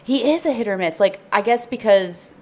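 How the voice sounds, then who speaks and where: A woman's voice: medium pitch, expressive, moderate pace, darkish tone. A middle-aged woman chatting casually as a co-host, talking about herself with self-deprecating humor. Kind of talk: casual chat.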